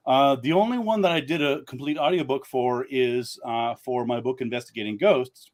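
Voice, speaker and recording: A man's voice: mid-range voice, normal speed. A man speaking as a guest author in a casual live-stream chat, rambling with lots of "uh" fillers and restarts.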